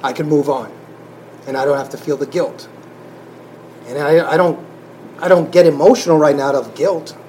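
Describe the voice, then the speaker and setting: A man sharing a personal faith testimony in an emotional, halting way, often restarting his sentences and sighing. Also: fairly high pitch, warm tone, a little hiss or hum, low-quality recording. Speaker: church member sharing testimony.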